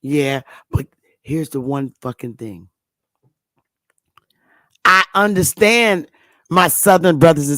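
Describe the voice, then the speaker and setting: A woman's voice: sits low, slow, long pauses, fairly bright tone, no echo. A woman with a New York accent giving an emphatic, repetitive casual monologue with frequent swearing. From northern United States. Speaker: commentary host.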